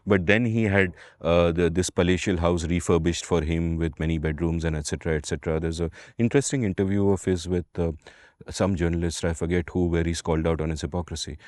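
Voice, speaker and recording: A man's voice: sits low, fairly even intonation, brisk, a little mellow, dry recording. A man with an Indian English accent co-hosting a podcast in a casual, digressive storytelling chat, swearing now and then and slipping into Hindi. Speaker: podcast co-host.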